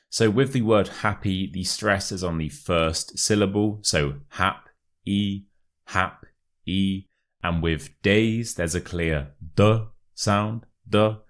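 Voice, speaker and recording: A young man with a modern British RP accent teaching English expressions, modelling pronunciation slowly and clearly. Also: low voice. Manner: clear, carefully modelled pronunciation, friendly explaining. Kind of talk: online English lesson.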